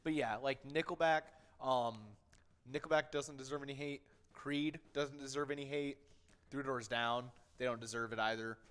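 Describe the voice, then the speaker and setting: Man, co-host, chatty, quick reactions, casual promo talk. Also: medium pitch, fairly even intonation, fairly bright tone, smooth. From Minnesota. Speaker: co-host of a bingo livestream.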